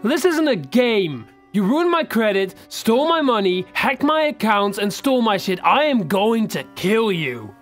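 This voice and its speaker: A man voicing a desperate young man who shouts in frantic rage. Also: high-pitched, sing-song, unhurried, hardly any pauses, faint music behind, pitched above the performer's own voice, full character voice. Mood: furious shouting. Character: desperate furious young man, hostage's friend.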